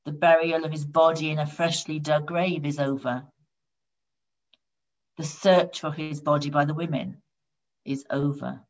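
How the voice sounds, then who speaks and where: A woman preaches a sermon with a steady, measured storytelling delivery. Her voice sits low for a woman. The recording is dull and lo-fi. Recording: dull lo-fi sound.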